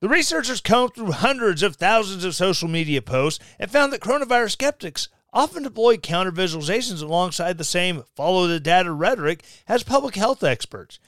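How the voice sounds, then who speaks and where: A man with a high, lively voice hosts a podcast, reading an article aloud and cutting in with sarcastic remarks. His tone is smooth and clear. The sound is dry and close, with no room echo. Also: a little fast, hardly any pauses. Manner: sarcastic, reads articles aloud with mocking asides. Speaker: podcast host. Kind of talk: casual commentary.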